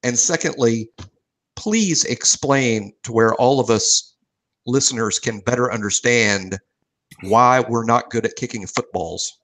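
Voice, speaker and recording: A man's voice: mid-range voice, unhurried, fairly bright tone. A man hosting a podcast, talking in a dry, wry, self-deprecating way. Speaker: podcast host. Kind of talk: casual chat.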